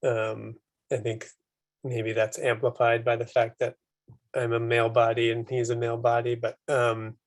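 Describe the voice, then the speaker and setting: Flat-voiced man, tentative. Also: medium pitch, moderate pace, no room sound. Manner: tentative, searching for words. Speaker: participant. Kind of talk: sharing in a group discussion.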